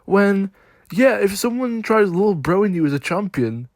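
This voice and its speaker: A man's voice: sits high, expressive, moderate pace, no echo, clean studio sound. A man giving opinionated sports commentary, emphatic and insistent as he argues his case.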